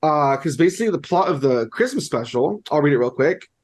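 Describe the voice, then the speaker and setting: A man's voice: a little high, lively intonation, a little fast, a little mellow. A young man co-hosting a podcast in casual chat, rambling, amused and full of "like". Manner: rambling, heavy use of "like", amused. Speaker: podcast co-host.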